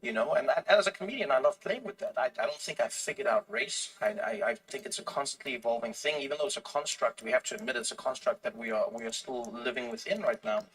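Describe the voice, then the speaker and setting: A man, a comedian being interviewed, telling stories in a lively way and acting out the voices of other people, often restarting his phrases. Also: mid-range voice, fast, hardly any pauses, far from the mic, rough recording. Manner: animated storytelling, acts out other people's voices, frequent restarts. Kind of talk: casual conversation.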